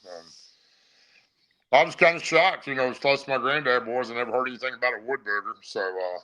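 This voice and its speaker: A middle-aged man guests on a podcast and tells his story in a rambling, first-person way. His voice is bright and forward, at a middle pitch. The delivery is vivid and unpolished. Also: a little fast, rough recording. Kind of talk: casual storytelling.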